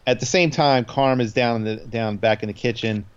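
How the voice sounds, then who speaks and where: A man's voice: medium pitch, normal speed, smooth. Rambling man recapping, lo-fi sound. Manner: rambling recap with many fillers, quotes lines in passing. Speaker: podcast co-host recapping an episode. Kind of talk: casual chat.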